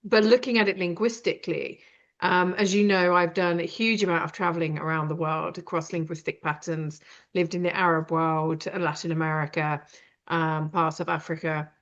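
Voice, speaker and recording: A woman's voice: fairly low pitch, little pitch movement, moderate pace. A British woman hosting a live conversation, talking directly and rambling with many fillers. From Britain. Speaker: host. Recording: dull lo-fi sound.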